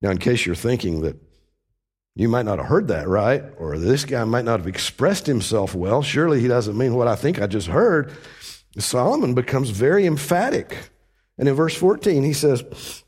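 A man's voice: mid-range voice, lively intonation, moderate pace, a little mellow, breathy edge. A man preaching a sermon, explaining scripture with earnest, emphatic repetition.

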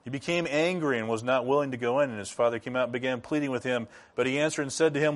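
A man's voice: medium pitch, fast talker, hardly any pauses. A middle-aged man preaching a sermon as pastor, teaching through rhetorical questions.

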